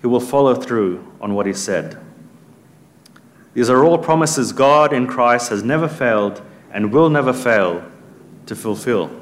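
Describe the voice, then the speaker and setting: A man's voice: medium pitch, lively intonation, a little slow. A man preaching a sermon in an earnest, emphatic way, lifting his voice when he quotes scripture.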